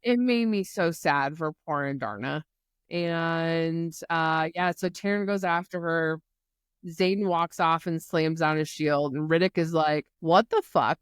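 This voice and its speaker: Woman podcast co-host, lower voice, animated profane recap, dry room sound. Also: measured pace, smooth, dry recording. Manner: animated retelling, swears freely. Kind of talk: casual book-club chat.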